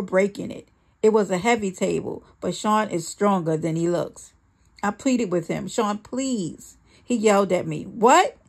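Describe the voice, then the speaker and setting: Woman, memoir reading, gravelly creaky voice, mid pitch, steady delivery. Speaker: memoir reader. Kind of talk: first-person memoir reading.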